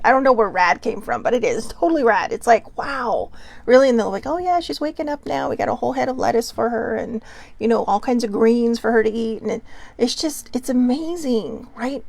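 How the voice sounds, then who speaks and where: A woman's voice: a little high, creaky, darkish tone. A woman hosting a casual self-care pep talk, chatty and often checking in with "right?". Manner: chatty, keeps asking "right?". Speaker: host.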